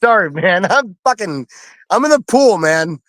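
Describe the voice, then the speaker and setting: A man's voice: sits high, lively intonation, a little slow, fairly bright tone, dry recording. A man co-hosting a casual chat, joking and swearing a lot, calling in from a pool. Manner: joking, profane, laughing often. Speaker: co-host. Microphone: video call.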